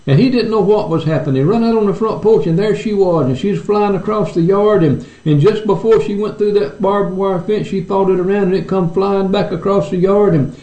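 A man's voice: sits high, warm tone, reverberant, low-quality recording. A pastor preaching an earnest radio sermon, often stammering and restarting his words as he pleads with his listeners.

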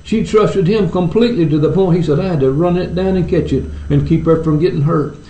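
Man, pastor, radio sermon, stammering restarts, earnest pleading, mellow tone, echoey room. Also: fairly high pitch, brisk.

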